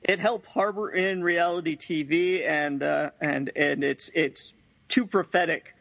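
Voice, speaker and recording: Gravelly high-voiced wry podcaster. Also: male voice, steady tone, unhurried, fairly bright tone. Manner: wry, storytelling. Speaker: podcast co-host. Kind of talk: casual chat. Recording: dry, dull lo-fi podcast audio.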